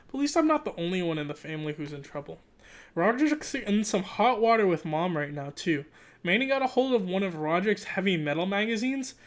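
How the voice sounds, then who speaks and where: A reader giving an unedited read-aloud of a children's book, stumbling, correcting slips and breaking off for joking asides. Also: medium pitch. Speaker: channel host reading aloud.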